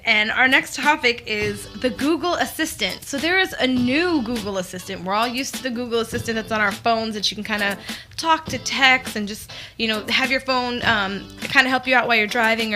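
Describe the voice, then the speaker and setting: A woman co-hosting a casual radio show, animated and quick to laugh. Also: fairly high pitch, faint music behind.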